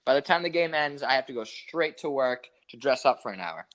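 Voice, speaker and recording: This young man co-hosts a podcast and speaks at medium pitch, brisk and animated with a slightly bright edge. He rambles through a long, laid-back story full of profanity, acting out the quotes as casual storytelling chat.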